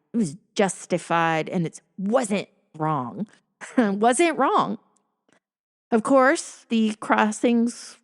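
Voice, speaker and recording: A middle-aged woman casually telling a personal story, often chuckling and breaking off into asides and self-corrections. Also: fairly high pitch. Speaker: storyteller recounting her own life.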